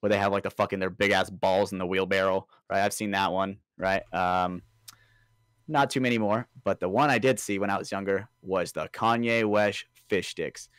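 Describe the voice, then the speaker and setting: A male podcast co-host with a fairly low voice, recorded dry and close. He tells stories in an animated, loose way, swearing often and saying dude a lot. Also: normal speed, smooth, dry recording. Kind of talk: casual storytelling on a podcast.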